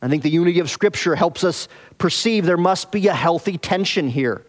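A pastor with a fairly high voice preaches an earnest, expressive expository sermon. He leans hard into some phrases, then turns soft and slow on others.

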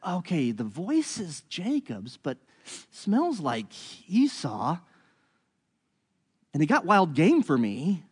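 A man's voice: on the high side, wildly swooping pitch, slow, pauses often, slightly rough, exaggerated voice. A man voicing an old blind father, hesitant and questioning. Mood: confused.

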